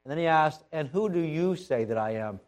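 A man voicing the apostle Peter as a humbled, remorseful grown man, speaking softly and in a subdued way. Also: a little high, expressive, fairly quick, soft background music, natural voice. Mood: earnest. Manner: soft, hushed and subdued.

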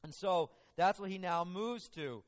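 A man preaching a sermon, telling the story in an animated way and acting out the quotes. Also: high-pitched, unhurried, in a large hall. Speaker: pastor.

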